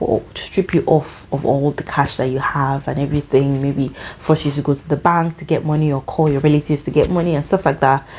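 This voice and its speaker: A young Nigerian woman telling a personal story on her vlog, animated and laughing often. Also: low voice. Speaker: vlogger.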